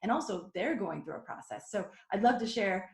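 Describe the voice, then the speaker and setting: A woman's voice: mid-range voice, expressive, brisk, darkish tone. A woman hosting a podcast, chatting earnestly and sharing family stories. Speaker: podcast host. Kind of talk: casual podcast conversation. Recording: roomy echo.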